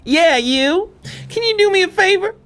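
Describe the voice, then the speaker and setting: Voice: very high-pitched, animated, normal speed, a bit bright, voice pushed up. A gamer putting on a sassy, huffy young rabbit girl. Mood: pushy. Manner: whiny, huffy and demanding. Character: sassy young female rabbit, pushy and indignant.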